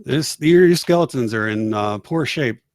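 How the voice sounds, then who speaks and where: A man's voice: mid-range voice, animated, a little mellow, no room sound, clean studio sound. A man running a tabletop role-playing game as game master, joking and often restarting his sentences. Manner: jokey, halting, restarts often.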